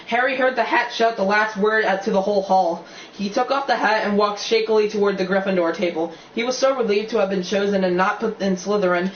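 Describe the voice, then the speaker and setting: An amateur audiobook reader narrating a novel, stumbling and restarting now and then, with casual asides. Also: medium pitch. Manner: reads with slips and restarts, chatty asides. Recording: dull, roomy, distant recording with faint hiss.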